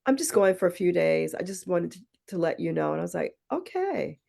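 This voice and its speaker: A woman's voice: on the low side, steady tone, fast talker, vocal fry, dark tone. A woman guest on a podcast, reflective and thoughtful, telling personal stories and acting out the quoted dialogue in them. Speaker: podcast guest, poet and retreat founder. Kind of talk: reflective conversational storytelling.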